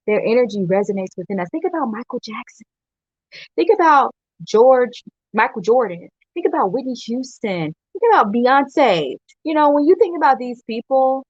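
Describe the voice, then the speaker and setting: A young adult woman hosting a motivational podcast, telling a story in a casual, animated way. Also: mid-range voice, no echo, muffled recording. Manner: animated storytelling with exclamations and laughs.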